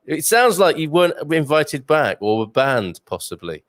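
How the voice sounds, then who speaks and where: A man's voice: fairly high pitch, big pitch swings, normal speed, no room sound. Jokey british guy hosting a live show from home, bouncy up and down voice, dry sound. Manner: chatty and jokey, many fillers. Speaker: livestream host. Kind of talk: casual chat reading viewer comments. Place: home with a wood stove.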